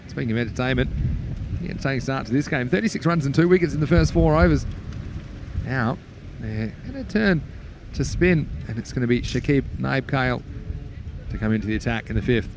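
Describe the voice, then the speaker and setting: Gravelly man calling cricket. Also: medium pitch, brisk, noisy background. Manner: chatty, rises excitedly on wickets. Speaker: cricket commentator. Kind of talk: live sports commentary.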